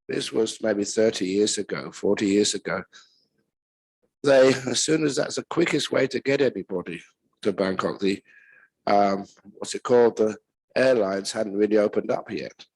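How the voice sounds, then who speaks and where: Slow, gravelly-voiced Buddhist monk. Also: male voice, lowish voice, no echo, low-quality recording. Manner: gentle, unhurried storytelling with pauses. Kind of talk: meditation retreat talk.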